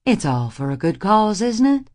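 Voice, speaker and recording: A woman's voice: medium pitch, big pitch swings, moderate pace, darkish tone, no echo, clean studio sound, natural voice. A woman voicing a cold, haughty society mother in her fifties in an audiobook, clipped and imperious.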